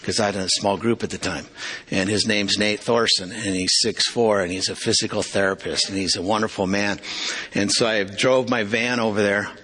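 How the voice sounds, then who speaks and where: Middle-aged male preacher, forceful low delivery, earnest, halting, confessional. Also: fairly even intonation, breathy edge. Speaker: preacher giving testimony. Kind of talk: testimony sermon.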